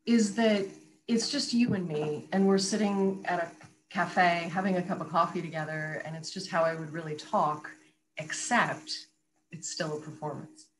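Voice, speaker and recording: A woman's voice: fairly low pitch, normal speed, slight background noise, low-quality recording. Articulate woman explaining voice work. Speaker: voice coach and radio guest. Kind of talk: conversational interview.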